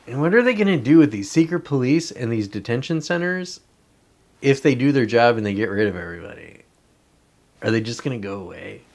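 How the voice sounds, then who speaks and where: A man hosting his own show, ranting casually in a profane, sarcastic and annoyed way, with muttered asides. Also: medium pitch. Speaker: host.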